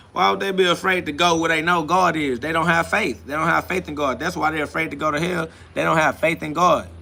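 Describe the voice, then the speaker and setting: Defiant gravelly-voiced man preaching on a livestream. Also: on the high side, fairly even intonation, fairly quick, sharp tone, a little hiss or hum. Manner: defiant, preachy, laughing often, repeating phrases. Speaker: livestream host. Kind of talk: live self-talk stream, reading and answering chat.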